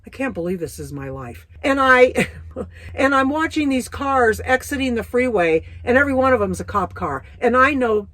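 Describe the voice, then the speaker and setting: A woman's voice: fairly high pitch, big pitch swings, moderate pace, fairly bright tone, no room sound. A middle-aged woman from the United States telling her personal testimony in a vivid, folksy, blunt way. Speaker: Christian testimony speaker.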